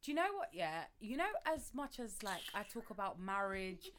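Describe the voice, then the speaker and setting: A woman's voice: mid-range voice, very animated, moderate pace, background noise. A young woman, co-hosting a casual podcast and speaking candidly. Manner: candid, confiding. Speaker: podcast co-host. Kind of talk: casual chat.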